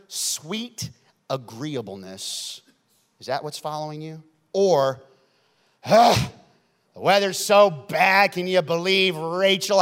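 A man preaching a sermon, swinging from loud emphatic lines to hushed ones. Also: fairly high pitch. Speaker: pastor. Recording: long hall reverb.

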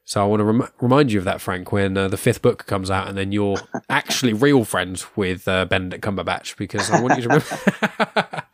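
A man's voice: low voice, brisk, few pauses, dry recording, studio quality. A young man hosting a podcast, chatting casually with a rambling, self-deprecating manner, full of fillers and restarts. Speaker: podcast host.

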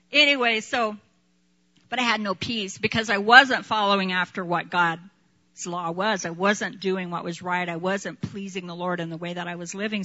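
A woman preaching a sermon and sharing her testimony, animated, laughing often and acting out quotes. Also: a little high, dull audio.

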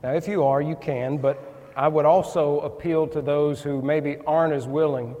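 A preacher with a slightly high voice delivers an earnest, folksy sermon. His words ring out with a long reverb through a church sanctuary. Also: steady tone, moderate pace, warm tone.

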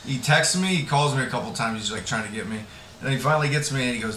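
A man's voice: medium pitch, very fast, sharp tone, distant mic. A man from Florida co-hosting a podcast, joking and swearing casually as he tells stories. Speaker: podcast co-host. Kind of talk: casual chat. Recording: roomy, noisy podcast room.

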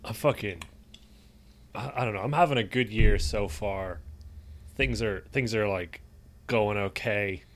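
A young man in casual chat with a friend, relaxed, laughing often and swearing casually. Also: on the low side, measured pace, long pauses, a little hiss or hum.

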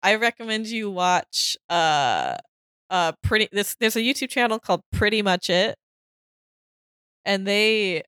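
A woman's voice: medium pitch, animated, measured pace, fairly bright tone, no echo, studio quality. A woman chatting casually on a podcast, laughing often and trailing off into restarts. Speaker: podcast panelist.

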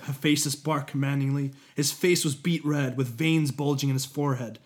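A man co-narrating a science-fiction story in an expressive reading. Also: mid-range voice, moderate pace.

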